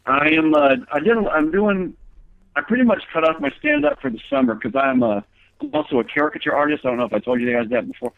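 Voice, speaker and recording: This man talks fast with a highish voice, big pitch swings and vocal fry, and the recording is dry and comes through a tinny phone line. Appearing as a guest comedian in a relaxed interview, he tells long meandering stories full of fillers and false starts.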